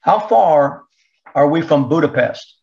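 A man voicing a frail, quiet young woman. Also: a little high, animated, takes it slowly, creaky, highs cut off, exaggerated voice. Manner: small, subdued voice.

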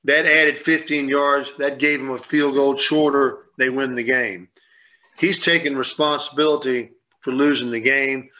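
Bright-voiced man telling rambling stories. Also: mid-range voice, fairly even intonation, unhurried. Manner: rambling, repeats himself, acts out quotes. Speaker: sports radio commentator. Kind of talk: casual radio storytelling. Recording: dull lo-fi sound.

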